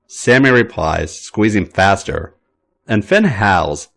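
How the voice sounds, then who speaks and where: A man reading a story aloud as the podcast's narrator, in an expressive, animated way. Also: lowish voice, moderate pace.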